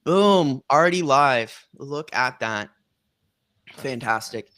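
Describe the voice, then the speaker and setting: A man hosting a casual livestream, loose and excitable, swearing casually as he chats with his guests. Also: medium pitch, slow. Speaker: livestream host.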